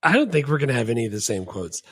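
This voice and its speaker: A man's voice: mid-range voice, very animated, racing, husky, dry recording, studio quality. A man co-hosting a movie podcast, chatting casually and jokingly. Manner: jokey, drops into quoted voices. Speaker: podcast co-host. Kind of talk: casual chat.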